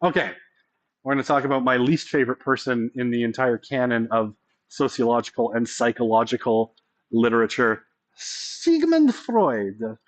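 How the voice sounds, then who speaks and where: A man's voice: medium pitch, fairly even intonation, brisk. A man giving a casual college sociology lecture, often checking in with the class by asking "right?".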